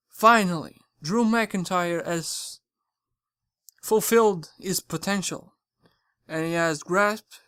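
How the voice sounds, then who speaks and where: A channel host giving a casual spoken review, rambling and excitable, often stumbling and correcting their words. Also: medium pitch, clean tone, dry recording, clean studio sound.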